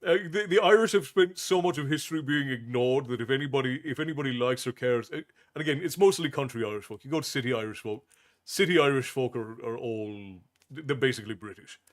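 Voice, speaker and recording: A man's voice: mid-range voice, fast talker. A man hosting a livestream, chatting casually with viewers in a rambling way, full of restarts and chuckles. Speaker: livestream host.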